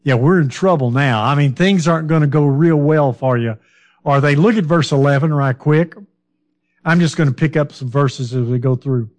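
A man preaching a Bible-study sermon, talking slowly and conversationally, asking his listeners questions and now and then losing his train of thought. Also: fairly high pitch, animated, a little mellow. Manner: fillers and restarts, loses his train of thought.

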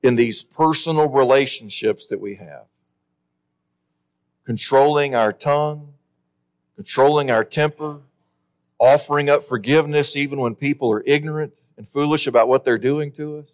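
A man preaching a sermon in an earnest, emphatic way, slowing down to stress key words. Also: medium pitch.

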